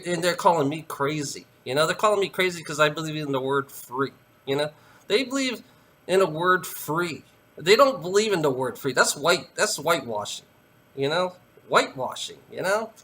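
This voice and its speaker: A man's voice: on the high side, a bit bright, slight background noise. A man delivering a heated, profane ranting monologue to camera, repeating himself and tagging lines with "you know".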